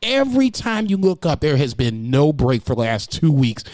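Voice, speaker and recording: A man's voice: a little high, very animated, normal speed, darkish tone, dry recording. A man co-hosting a casual wrestling podcast, talking in a loose, profane way and slipping into a mock-preacher tone. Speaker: podcast co-host.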